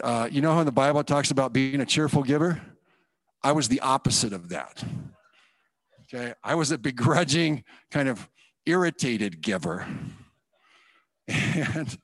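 A man giving a personal testimony in church, telling his story in an animated, self-deprecating way and acting out the thoughts he had. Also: mid-range voice, no echo. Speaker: guest speaker giving testimony.

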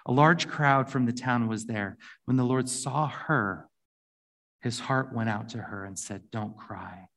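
A man preaching a sermon. He reads scripture passages aloud and then explains them in a conversational way. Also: medium pitch. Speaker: pastor.

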